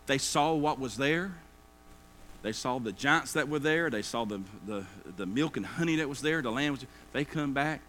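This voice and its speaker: A man's voice: mid-range voice, moderate pace, fairly bright tone, slight background noise. A man preaching a sermon, folksy and acting out everyday complainers. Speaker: pastor.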